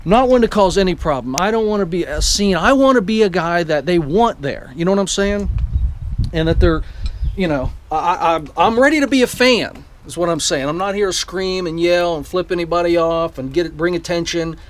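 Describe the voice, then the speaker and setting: A man's voice: high-pitched, a little fast, a little hiss or hum. A man vlogging, eagerly retelling a personal story to camera in a rambling way, with the odd swear.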